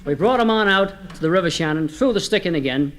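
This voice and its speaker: A man's voice: sits high, expressive, fast talker, a bit bright. A man telling folksy jokes on a comedy record, chatty and homespun, speaking straight to his listeners. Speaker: comedy storyteller.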